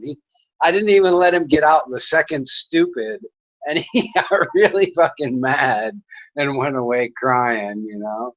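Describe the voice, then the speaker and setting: A man's voice: medium pitch, unhurried, a bit bright. A man hosting an online chat, talking casually, laughing often and mocking a troublemaker in crude language. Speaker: chat room host. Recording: dull lo-fi sound.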